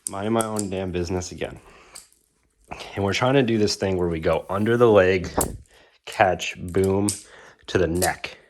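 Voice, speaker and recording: A young man casually telling a storytime about his hobby, acting out the quotes with laughs. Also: sits low. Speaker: knife-flipping YouTuber.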